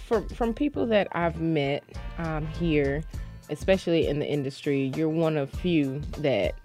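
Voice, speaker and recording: A woman's voice: deep voice, measured pace, darkish tone, faint music behind. A woman hosting a podcast, chatting casually and asking rambling questions with giggles. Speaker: podcast host. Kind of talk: casual interview chat.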